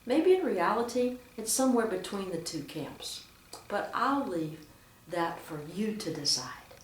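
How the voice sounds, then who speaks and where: A woman's voice: medium pitch, very animated, unhurried, a little hiss or hum. A woman teaching church readers how to read aloud, speaking with strong emphasis and reading examples expressively. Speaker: lector trainer. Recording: roomy echo, mic at a distance.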